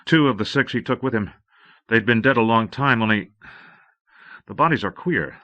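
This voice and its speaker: A man's voice: mid-range voice, moderate pace, pushed and bright, voice pushed up, lightly acted. A man voicing an earnest, troubled young man of the Watch, speaking urgently on a dull old tape.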